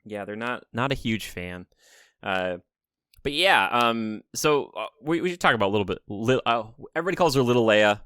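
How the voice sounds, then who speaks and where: A man's voice: on the low side, animated, brisk, fairly bright tone, clear, resonant tone, dry recording, studio quality. A man hosting a podcast, talking in a casual, rambling way with lots of "like.". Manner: rambling, heavy use of "like". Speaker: podcast host. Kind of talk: casual chat.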